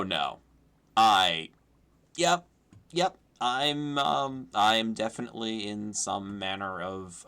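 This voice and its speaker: A man's voice: fairly low pitch, fairly bright tone. A man streaming a cozy game, reading dialogue aloud playfully and laughing along. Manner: playful, giggly, reads game text in character.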